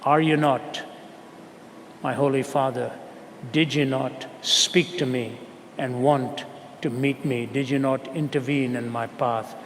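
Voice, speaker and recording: A man preaching an earnest storytelling sermon to a live audience, asking rhetorical questions and slowing down for emphasis. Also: mid-range voice, fairly even intonation. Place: large hall with a live audience. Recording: reverberant hall, faint background noise.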